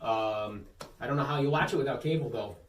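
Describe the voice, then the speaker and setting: A man's voice: medium pitch, a little fast. A man co-hosting a casual talk show, bantering and telling jokey stories with a Western New York accent. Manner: animated, jokey storytelling. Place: underground bunker room. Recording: echoey room, distant mic, faint hiss.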